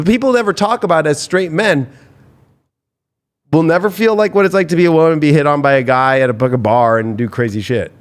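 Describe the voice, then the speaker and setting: A man's voice: fairly high pitch, a little fast. A man, a tarot reader, telling stories in a rambling, profane way on a casual podcast, full of restarts.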